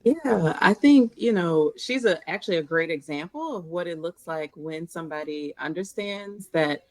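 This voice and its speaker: Low-voiced woman with a New Orleans accent. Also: normal speed, no echo. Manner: thoughtful, steady explaining. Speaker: guest, mental health counselor. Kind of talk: interview answers.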